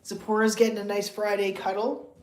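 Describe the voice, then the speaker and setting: A woman's voice: mid-range voice, level tone, fairly quick, a little mellow. A woman hosting a casual livestream with her cats, chatting to viewers, laughing often and cooing at the cats in baby talk. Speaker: livestream host with pet cats.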